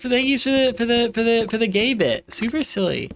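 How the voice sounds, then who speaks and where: A young adult streamer chats casually over a game, full of giggles and restarts. The voice swoops up and down in a lively, animated way at a middling pitch. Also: a little fast, a little hiss or hum. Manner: giggly, playful, rambling with many restarts. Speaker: live streamer. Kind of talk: casual live-stream chat while playing.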